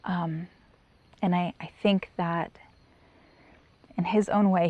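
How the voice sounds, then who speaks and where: A middle-aged woman giving personal testimony in an interview, soft-spoken and halting, with many pauses and restarts, sometimes near a whisper. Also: fairly low pitch, little pitch movement, no echo, highs cut off. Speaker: sign language interpreter.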